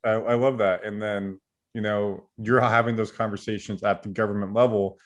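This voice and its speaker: A man's voice: lowish voice, steady tone, moderate pace, highs cut off. A young man from Southern California hosting a podcast, casual and rambling, often correcting himself. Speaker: podcast host. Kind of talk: conversational interview.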